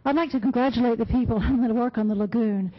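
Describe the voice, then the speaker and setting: High-voiced woman giving fiery public comment. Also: fast. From Florida. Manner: impassioned, emphatic, quoting. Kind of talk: prepared public comment speech. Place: county commission meeting room. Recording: dull lo-fi public meeting audio.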